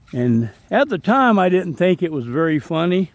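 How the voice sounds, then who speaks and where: A man's voice: fairly high pitch, big pitch swings, normal speed, few pauses, no room sound. A man with a Southern US accent narrating a rambling, chatty walkthrough of an outdoor park on a handheld camera. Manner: rambling, chatty, self-deprecating. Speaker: travel vlogger.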